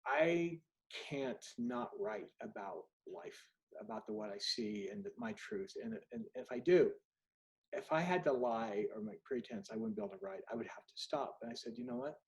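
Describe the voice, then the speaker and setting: Author guest, middle-aged man, mid-pitched voice, candid storyteller who plays out both sides of a conversation. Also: sing-song, moderate pace, rough recording. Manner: candid, anecdotal, acts out dialogue. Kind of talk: storytelling in an interview.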